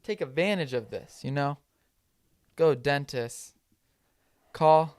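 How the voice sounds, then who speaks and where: A young man co-hosting a podcast, chatting casually and telling animated stories. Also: on the high side, clear, resonant tone, no room sound, clean studio sound. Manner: animated storyteller, jumps into quick quoted voices. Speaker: podcast co-host. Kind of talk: casual chat.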